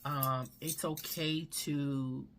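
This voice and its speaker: Brief: woman vlogger, low voice, slow and earnest, candid with casual swearing, seated at home. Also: steady tone, fairly bright tone. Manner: emotional, drops to a whisper at times. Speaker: beauty vlogger. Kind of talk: candid life-update chat to camera. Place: home room, seated in front of camera.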